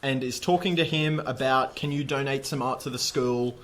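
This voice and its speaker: A man's voice: mid-range voice, steady tone, normal speed, a bit bright. A man co-hosting a podcast, recounting the plot step by step with dry understatement in casual chat. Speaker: podcast co-host. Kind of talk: casual episode recap chat.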